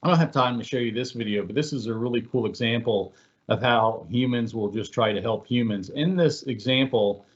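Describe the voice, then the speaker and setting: A man walks listeners through a technical presentation in a loose, chatty, storytelling manner, sprinkling in fillers and restarts. His voice sits at a middle pitch, and the audio is dull and slightly lo-fi, like a streamed webinar. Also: a little fast. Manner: conversational, filler-heavy, storytelling. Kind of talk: casual explanatory presentation.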